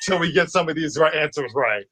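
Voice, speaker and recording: A man's voice: a little high, expressive, fairly quick, fairly bright tone. A man competing in a quiz, joking and self-mocking about his score. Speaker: quiz contestant.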